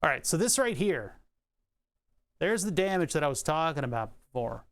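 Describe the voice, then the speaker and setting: A man's voice: fairly high pitch, sing-song, moderate pace, fairly bright tone. A man streaming while he repairs a tablet, rambling casually with lots of fillers and asides. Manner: rambling, full of fillers and asides, laughs often. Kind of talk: casual livestream talk while repairing electronics.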